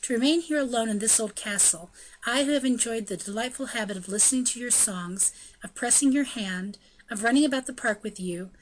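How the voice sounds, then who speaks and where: A woman reading the part of a shy young noblewoman with a sweet, soft, hesitant voice. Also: on the high side, fairly quick, a little hiss or hum, natural voice, low-quality recording. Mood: wistful. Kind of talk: audiobook character reading.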